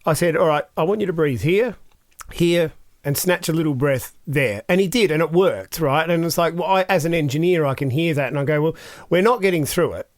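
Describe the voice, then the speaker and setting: An audio engineer chatting casually on a podcast in a studio, telling stories full of asides. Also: male voice, on the high side, a little fast, dry recording. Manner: chatty, animated storytelling with many asides. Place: recording studio.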